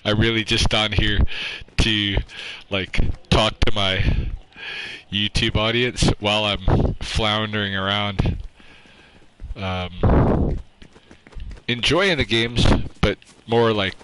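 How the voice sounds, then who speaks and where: A man rambles to his stream audience at a slow, unhurried pace, his voice sitting on the low side. He is self-deprecating, fills his talk with "um" and "you know," and swears casually. A steady background noise sits under his close microphone. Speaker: livestreaming gamer chatting with viewers. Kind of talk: casual livestream chat. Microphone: own microphone close up.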